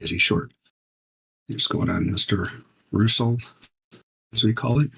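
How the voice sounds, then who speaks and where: A man with a fairly low, creaky, husky voice and a sharp tone takes his time as he teaches futures trading while trading live. His delivery is conversational and emphatic, with frequent "right?" check-ins.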